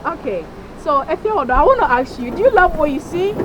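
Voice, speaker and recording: A woman's voice: sits high, expressive, fairly quick, background noise. A woman with a Ghanaian accent playing a bossy host of a blind date show who switches between English and local language. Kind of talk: comedy sketch acting.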